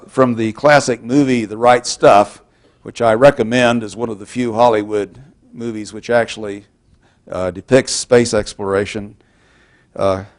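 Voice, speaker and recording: A man from Texas giving a public university lecture in a measured, wry, explanatory way. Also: mid-range voice.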